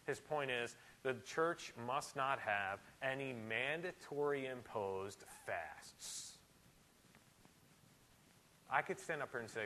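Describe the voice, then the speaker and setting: A man preaching a sermon in a church, animated and emphatic, with sudden loud rises. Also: mid-range voice, slow, slight background noise, poor audio. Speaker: pastor.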